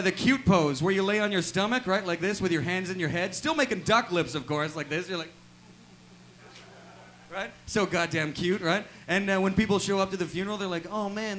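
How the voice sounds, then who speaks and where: A man whose voice sits high does a stand-up set at a small live venue. He works through deadpan one-liners, adding "right?" to nearly every line.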